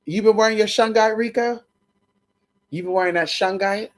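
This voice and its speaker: A woman's voice: mid-range voice, moderate pace. A woman hosting a casual spiritual livestream, calling her viewers honey and y'all. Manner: animated, calls viewers honey and y'all, baby talk to crystals.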